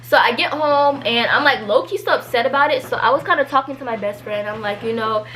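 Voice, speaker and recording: A teenage girl tells a storytime in a chatty, rambling way, full of fillers. Her voice sits a little high, and she gets animated whenever she quotes someone. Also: brisk, a little hiss or hum. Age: teens. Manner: chatty, filler-heavy, animated when quoting people. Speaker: vlogger telling a story. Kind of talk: casual storytime.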